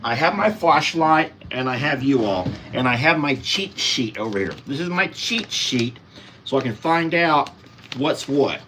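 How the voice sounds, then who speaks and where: A man's voice: medium pitch, expressive, unhurried, sharp tone, slight background noise. A man with a Southern US accent, chatting folksily to viewers in a casual outdoor ranch vlog. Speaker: ranch vlogger. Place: outdoors on a farm pasture.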